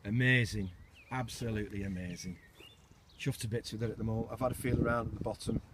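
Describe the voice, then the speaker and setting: A man's voice: lowish voice, fairly even intonation, fast, very noisy. A middle-aged man gives a chatty, self-mocking walking tour of his allotment garden, recorded outdoors on a handheld camera.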